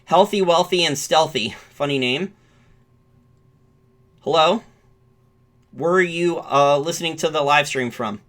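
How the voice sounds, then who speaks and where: A man's voice: a little high, a little slow, long pauses, fairly bright tone. A man hosting a live-streamed finance show, giving loose market commentary that often restarts mid-sentence and corrects itself. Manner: rambling, restarts and corrects himself.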